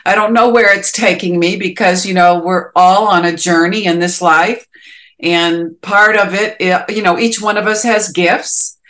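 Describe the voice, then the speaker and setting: A woman's voice: fairly low pitch, fairly even intonation, unhurried, fairly bright tone. A woman with a Boston accent, a musician guest chatting in a podcast interview, rambling and leaning on "you know" fillers.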